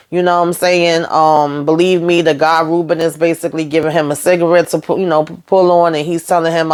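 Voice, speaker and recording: A woman's voice: fairly low pitch, level tone, fairly quick, hardly any pauses, clear, resonant tone. A woman hosting a casual TV episode recap, chatty, retelling scenes in loose paraphrase with lots of fillers and tag questions. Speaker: TV recap host.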